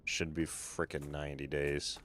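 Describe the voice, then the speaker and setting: Deep-voiced streamer, laid-back and swearing. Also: male voice, little pitch movement, measured pace, a bit bright, a little hiss or hum. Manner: chats with viewers by name. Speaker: game streamer. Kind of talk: casual live-stream chat while gaming.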